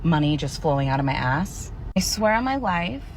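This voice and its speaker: Low-voiced woman venting bitterly. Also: big pitch swings, normal speed, a little hiss or hum, poor audio. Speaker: person venting in a video clip. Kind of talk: emotional monologue to camera.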